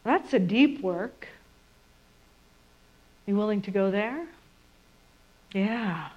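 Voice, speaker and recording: A woman's voice: mid-range voice, lively intonation, extremely slow, darkish tone, muffled recording. A woman gives a reflective spiritual talk to an audience and sometimes acts out harsh inner voices. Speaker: spiritual speaker.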